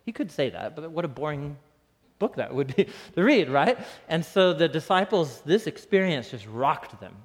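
A man's voice: a little high, a little fast. Chatty preacher man in a reverberant hall. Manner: casual, animated, laughs often. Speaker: pastor. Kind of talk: conversational sermon.

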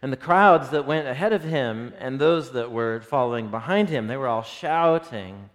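A man's voice: mid-range voice, normal speed. A man teaching scripture to a live group, reading passages aloud, explaining them, and asking the audience questions. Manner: animated, asks the audience questions. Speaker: Bible teacher. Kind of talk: interactive Bible teaching. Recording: long reverb of a hall.

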